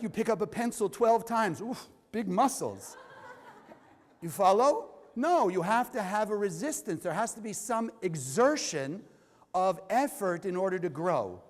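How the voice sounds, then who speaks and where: High-voiced man teaching in a reverberant hall. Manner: questioning the audience, emphatic. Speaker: spiritual teacher. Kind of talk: spiritual lesson. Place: lecture hall.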